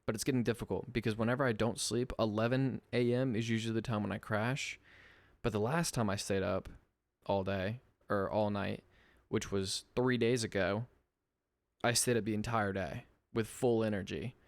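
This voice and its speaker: A man's voice: on the low side, fairly even intonation, normal speed, no echo. A young man hosting a solo podcast, tired from a sleepless night, chatting in a laid-back, slangy way with lots of ums. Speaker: podcast host. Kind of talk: casual solo podcast chat.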